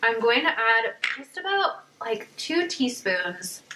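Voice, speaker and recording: A woman's voice: fairly high pitch, sing-song, takes it slowly, background noise. A young woman vlogger talking casually through her cooking at home in a kitchen, chatty and upbeat with frequent "like"s. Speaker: wellness vlogger. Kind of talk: casual cooking vlog narration.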